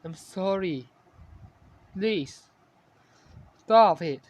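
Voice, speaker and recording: A man's voice: sits high, lively intonation, very slow, dull audio, full character voice. A man voicing a guilt-ridden young male skeleton who begs and cries out in fear, in a fan-made story. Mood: pleading. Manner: pleading, panicked cries.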